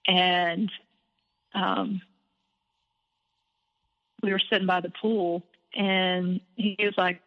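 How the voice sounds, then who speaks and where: A woman guest telling a personal story in an animated, candid way, with some swearing. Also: on the low side, drawn-out words, long pauses. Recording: dull lo-fi audio with long reverb.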